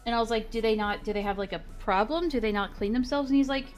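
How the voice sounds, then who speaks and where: A woman's voice: a little high, fast, soft background music. A woman streamer casually retelling an argument, acting out both sides of the dialogue with lots of fillers. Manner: animated retelling with quoted dialogue and frequent fillers. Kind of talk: casual storytelling chat.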